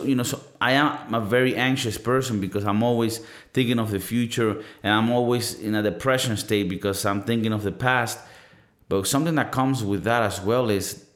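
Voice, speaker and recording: A man in his thirties talking in a casual solo podcast monologue, rambling and profane, often poking fun at himself. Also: fairly low pitch. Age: 30s. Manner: rambling, profane, self-mocking. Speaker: podcast host. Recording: roomy echo.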